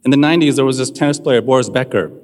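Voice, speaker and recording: A man's voice: mid-range voice, racing, darkish tone, big-room sound. A man preaching a sermon as a pastor, in a conversational way, often asking his listeners questions.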